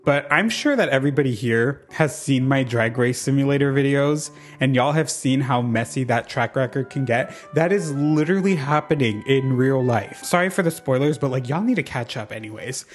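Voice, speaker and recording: A man hosting his channel with casual gameplay commentary, sassy and gossipy, swearing freely and swinging from loud bursts to low mutters. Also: lively intonation, moderate pace, few pauses, soft background music. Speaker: channel host.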